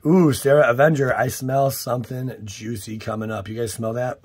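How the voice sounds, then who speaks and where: A man hosting a casual card-opening video, playful and exclamatory with goofy catchphrases, sometimes dropping to a hushed near-whisper. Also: mid-range voice, fairly even intonation, moderate pace, breathy edge. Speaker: card-opening channel host. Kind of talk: casual unboxing commentary.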